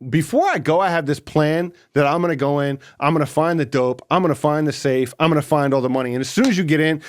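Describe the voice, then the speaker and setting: A man's voice: a little high, fast, smooth. A man, a podcast guest, telling a long story in a casual interview, swearing freely and acting out what other people said. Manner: profane, animated, acts out quoted people.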